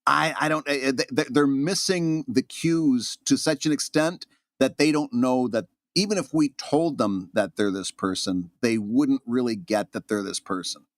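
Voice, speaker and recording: A man's voice: medium pitch, measured pace, hardly any pauses, dry recording, clean studio sound. A man co-hosting a podcast in casual chat, earnest and reassuring, often restarting his sentences. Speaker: podcast co-host.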